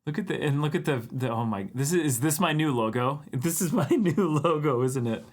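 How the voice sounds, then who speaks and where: A man hosting a livestream, chatting casually and excitedly about viewer drawings, laughing often. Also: a little high, brisk. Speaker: livestream art show host.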